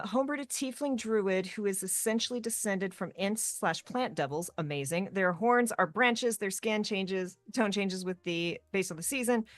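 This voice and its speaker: A woman's voice: mid-range voice, fairly bright tone, no echo. A woman chatting enthusiastically about tabletop role-playing characters on a talk show. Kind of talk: casual chat.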